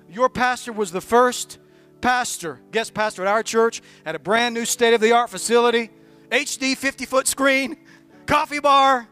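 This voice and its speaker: A man with a strikingly high, bright voice delivers a sermon as a visiting pastor, talking forcefully and often restarting his phrases. Faint music plays softly behind him. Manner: emphatic, building to fervent exhortation with repeated restarts.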